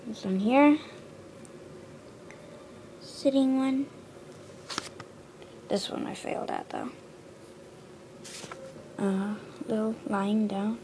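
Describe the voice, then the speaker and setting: A woman showing her drawings in a casual show-and-tell, hesitant, with lots of ums and quick self-corrections. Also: medium pitch, dark tone, a little hiss or hum.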